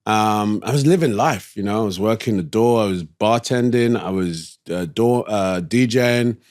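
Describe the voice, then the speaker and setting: The recording is studio quality with no room sound, capturing a man from East London whose voice is on the low side and a little mellow. A guest with a London accent, he tells stories at a moderate pace in a relaxed, slangy way that drifts from thought to thought.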